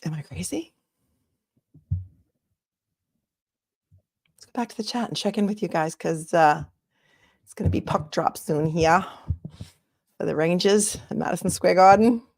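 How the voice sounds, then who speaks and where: Chatty woman attorney with a low, dry voice. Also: a little slow, creaky, pauses often, a little mellow, no echo. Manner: chatty, drops into dramatic whispers; reads viewer messages aloud. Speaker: attorney and livestream host. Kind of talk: casual livestream legal commentary.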